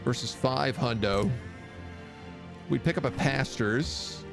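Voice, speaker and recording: A man's voice: mid-range voice, slow, vocal fry, over music. A man streaming a strategy game live, chatting casually and reading viewer messages aloud. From Canada. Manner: chatty, reads chat aloud and answers. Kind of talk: live gameplay commentary.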